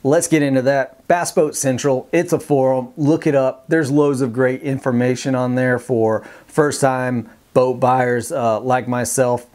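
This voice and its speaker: This Texan-accented man talks fishing to the camera in a mid-range, slightly mellow voice, fairly even in intonation, a little slow, with few pauses. His casual vlog delivery is plainspoken and determined, full of ums and restarts as he rambles.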